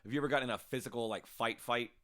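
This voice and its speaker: A man on a podcast as a comedian guest, chatting casually and throwing in quick joking asides. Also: medium pitch, fairly bright tone. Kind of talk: casual chat.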